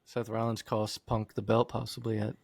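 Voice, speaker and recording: A man's voice: lowish voice, completely flat delivery, normal speed, vocal fry, dry recording, clean studio sound. A man co-hosting a podcast in casual chat, laughing often and swearing freely as he reads through quotes. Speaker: podcast co-host.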